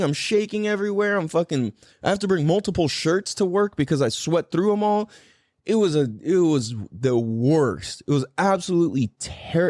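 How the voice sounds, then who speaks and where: A man's voice: on the high side, darkish tone, dry recording, studio quality. Rambling, profane podcast host guy. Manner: rambling and heavily profane, full of "like" fillers. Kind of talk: casual chat.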